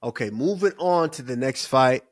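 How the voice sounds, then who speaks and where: A man co-hosting a fight podcast in casual chat, laid-back and drawn-out, laughing easily as he breaks down matchups. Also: mid-range voice, lively intonation, dry recording, studio quality. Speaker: podcast co-host, fight analyst.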